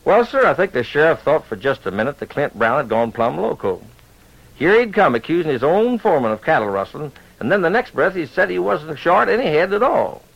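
A man spins a western yarn in a folksy cowboy drawl as a radio storyteller and host. His voice runs a little high with a gravelly edge. It comes through a dull old radio recording. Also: sing-song, a little fast.

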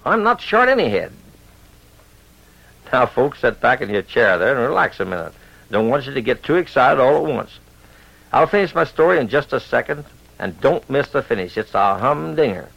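On a lo-fi old radio recording, a male storyteller and show host spins a western tale in a folksy cowboy drawl. His medium-pitched voice is creaky and fairly bright, with lively intonation and a fairly quick pace.

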